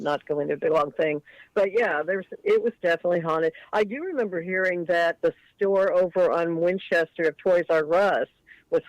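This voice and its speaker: A woman's voice: deep voice, dry recording, highs cut off. A woman calling in to a late-night show, telling a long personal story in a chatty way and animating the voices of people she quotes. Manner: chatty, animated when quoting others. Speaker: caller.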